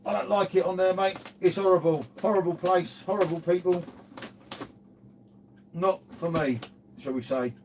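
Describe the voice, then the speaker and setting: A man's voice: sits high, normal speed, pauses often, darkish tone, slight background noise. A man hosting a casual live chat to viewers, glum and sweary, calling everyone mate. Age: older. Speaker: channel host.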